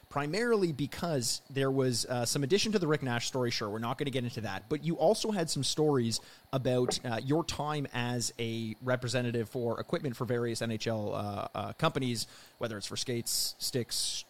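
A man's voice: medium pitch, moderate pace. A man hosting a podcast, asking long, rambling, teasing questions full of fillers. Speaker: podcast host. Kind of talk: casual interview.

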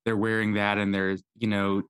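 Enthusiastic male podcast host, smooth voice. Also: lowish voice, monotone, moderate pace, fairly bright tone, dry recording, studio quality. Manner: enthusiastic, relatable, complimentary. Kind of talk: casual conversational interview.

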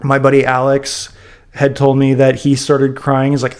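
A man co-hosting a podcast, chatting casually, animated and playful with stammering restarts. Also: mid-range voice, moderate pace. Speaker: podcast co-host. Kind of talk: casual chat.

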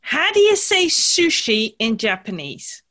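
Bright, bubbly woman host. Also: a little high, very animated, unhurried. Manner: curious, bubbly questioner. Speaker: podcast host. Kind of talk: casual interview chat.

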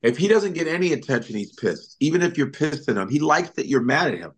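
Animated male comedian telling stories. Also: on the high side, fast talker, husky. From Chicago comedy scene. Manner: animated storyteller, slips into impressions, laughs often. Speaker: comedian guest. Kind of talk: casual interview chat.

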